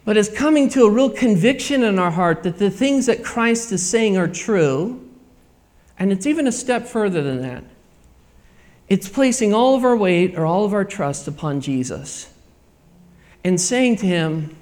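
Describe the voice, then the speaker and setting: A man with a high voice delivers a sermon to his congregation. He preaches earnestly and repeats himself, dropping to a hush and then rising to loud emphatic bursts. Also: expressive, normal speed. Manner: earnest, repetitive preaching with dramatic swings in loudness. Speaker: pastor.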